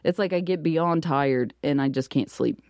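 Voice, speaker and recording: A woman comedian in her thirties, a guest on a casual podcast, telling animated stories and laughing often. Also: sits low, moderate pace, no echo, clean studio sound. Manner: animated storyteller, laughs often, acts out her kids' voices.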